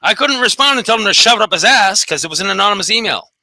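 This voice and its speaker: Host: man, high bright voice, rapid profane rant, dry close mic. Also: lively intonation, dry recording. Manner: profane, combative, taunting. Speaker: host of a dog behavior channel. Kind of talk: angry solo rant.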